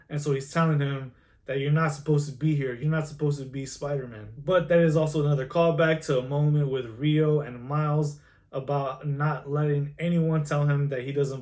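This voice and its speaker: A young man giving a casual, excited movie review, rambling with fillers and quick laughs. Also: a little high.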